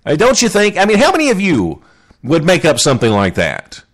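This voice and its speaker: A man's voice: fairly high pitch, wildly swooping pitch, fairly quick. A man hosting a comedic show, rambling jokily through odd news stories and asking his listeners questions. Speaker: radio show host.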